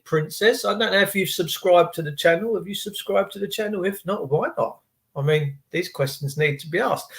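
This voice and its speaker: A man's voice: sits high, fairly bright tone. A man hosting a casual live stream, rambling and teasing as he greets viewers by name. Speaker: livestream host.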